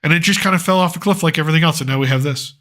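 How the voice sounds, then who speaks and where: A man's voice: a little high, rapid-fire, pushed and bright. A middle-aged man hosting a pop culture commentary show, ranting sarcastically and swearing freely. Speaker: host.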